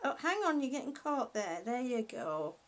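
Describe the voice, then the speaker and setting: This live-stream host has a fairly high voice that swings widely in pitch, and she moves at a moderate pace. Chatting casually from home, she wanders from topic to topic, laughs a lot, and speaks to her pets.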